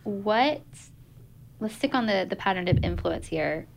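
A woman's voice: mid-range voice, animated, a little slow, vocal fry, a little hiss or hum. A woman hosting a casual interview, asking questions, laughing often and encouraging her guest. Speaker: interviewer, church staff podcast host.

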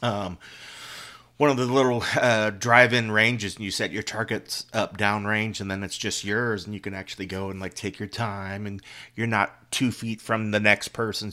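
A man co-hosting a podcast from his home, explaining things at length in a rambling, animated way. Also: lowish voice, moderate pace. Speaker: podcast co-host. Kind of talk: casual chat.

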